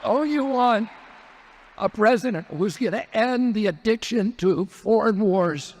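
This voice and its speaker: A man's voice: high voice, lively intonation, unhurried, a little mellow, some chatter behind, a little hiss or hum. A man giving a rally speech built on repeated rhetorical questions. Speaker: speaker at a political rally.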